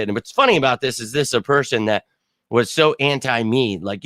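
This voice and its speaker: A man's voice: medium pitch, fairly quick, a bit bright, no room sound, clean studio sound. A man hosting a casual live-stream football show, rambling and exasperated, full of fillers and asides. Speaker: sports podcast host.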